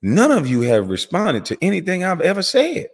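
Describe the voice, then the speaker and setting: Black guy ranting hard, voice jumping all over, kinda husky, long echo in the room. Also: huge pitch swings. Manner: heated, profane, rapid swings in pitch and volume. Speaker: channel host. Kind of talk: angry commentary rant.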